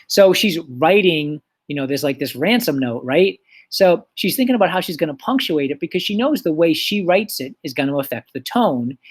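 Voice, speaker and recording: A man teaching a recorded lesson, explaining things in a relaxed way with lots of fillers. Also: on the high side.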